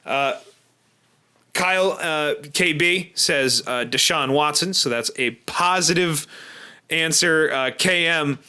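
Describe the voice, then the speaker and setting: A man's voice: a little high, slow pace, bright, forceful tone, clean tone. A man hosting a sports podcast, talking through a game in a rambling casual way, often restarting his sentences. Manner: rambling, self-correcting with repeated starts. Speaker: podcast host.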